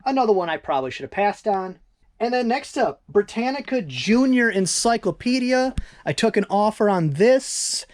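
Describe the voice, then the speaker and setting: A casual vlogger chatting through recent resale sales at an even, middling pitch. The talk rambles and thinks aloud, loose and conversational. It is plain everyday speech with no performance to it. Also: moderate pace. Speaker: eBay reseller vlogger. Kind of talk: casual vlog chat.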